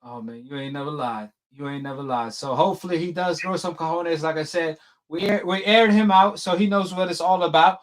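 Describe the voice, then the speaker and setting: Animated man hosting a boxing stream. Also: on the high side, a little fast. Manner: animated, slangy, laughs often. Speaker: host of a boxing talk show. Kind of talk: casual live-stream chat.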